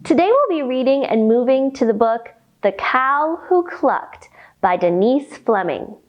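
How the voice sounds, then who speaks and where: Woman leading a children's yoga storytime; high, bouncy voice, unhurried and playful. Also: sing-song, highs cut off. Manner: slow, playful sing-song instructions to children. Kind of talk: guiding a kids' yoga storytime.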